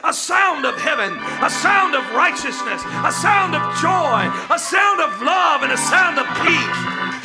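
A man preaching a sermon in call-and-response style, often shouting and chanting his lines. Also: very high-pitched, very animated, measured pace, loud music behind the voice.

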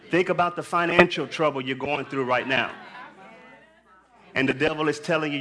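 A man's voice: a little high, a little fast, bright, forceful tone. A male pastor preaching in a church, emphatic and rhythmic, drawing out words and leading his congregation in call and response.

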